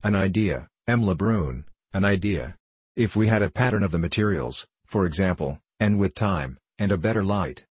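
A man reading the part of a scheming, smooth-talking bishop, calm and quietly persuasive. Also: deep voice, moderate pace, no echo. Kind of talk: audiobook character voice.

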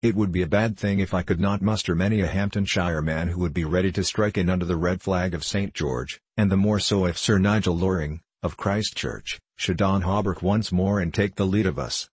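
A man's voice: deep voice, fairly quick, hardly any pauses, breathy edge, dry recording. A man voicing a boastful, swaggering English archer soldier who talks freely and heartily. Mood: hearty boasting. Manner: hearty, boastful, free-spoken.

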